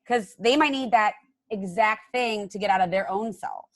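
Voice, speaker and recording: A woman's voice: medium pitch, normal speed, no room sound. Chatty woman, dry close sound. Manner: chatty, animated storytelling. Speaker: podcast host and sponsor. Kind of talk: casual recovery podcast chat.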